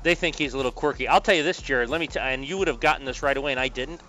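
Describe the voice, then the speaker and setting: A man's voice: mid-range voice, racing, soft background music, rough recording. A man co-hosting a sports talk show, telling stories and acting out the people in them. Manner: animated storyteller, acts out quotes. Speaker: sports radio co-host and columnist.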